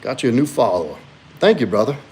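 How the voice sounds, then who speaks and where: A man's voice: big pitch swings, quick pace, a little mellow, slight background noise. A man, hosting a casual live stream and answering viewers' questions as he reads chat. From Louisiana. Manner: answers chat questions, talks to his dog in a high sweet voice. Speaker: livestream host and coach.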